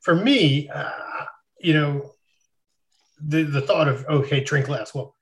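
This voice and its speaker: A man's voice: on the high side, slow. A man co-hosting a casual podcast, rambling with lots of fillers and joking with the others. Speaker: podcast co-host. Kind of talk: casual chat.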